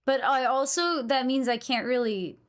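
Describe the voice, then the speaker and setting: A young woman from New England talks casually to her stream chat. Her voice sits a little on the high side, and her manner is blunt and opinionated, with plenty of swearing. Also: moderate pace. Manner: chatty, blunt, swears freely.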